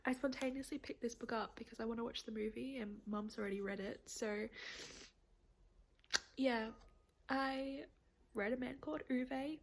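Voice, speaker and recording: A woman's voice: a little high, normal speed, pauses often, a little hiss or hum. A young woman vlogging in a rambling, chatty way with laughs, teary and close to crying. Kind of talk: casual chatty vlog.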